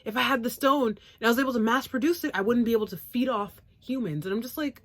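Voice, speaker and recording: A woman's voice: a little high, fast talker, fairly bright tone, no echo. A woman chatting casually about an anime episode, rambling and blunt, swearing freely. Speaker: anime reviewer, co-host. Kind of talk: casual chat.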